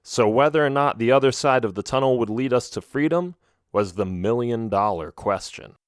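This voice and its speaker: A man narrating an audiobook adventure in the first person, with expressive storytelling. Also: medium pitch, normal speed, smooth, no room sound, studio quality.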